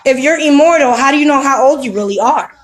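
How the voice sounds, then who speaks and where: A spiritual vlogger talks casually to camera at home with children around, preaching in streetwise slang and asking "you know what I mean?" Her voice is high and she talks fast, but the audio is poor.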